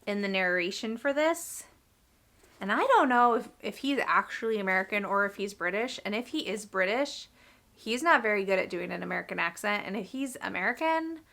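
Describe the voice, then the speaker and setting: A woman talks through her week for a reading vlog, chatty and rambling, trailing off and restarting. Her voice sits in a middle pitch with a bright, forward tone. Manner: rambling, chatty, self-interrupting. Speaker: reading vlogger; teacher. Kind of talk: casual chat.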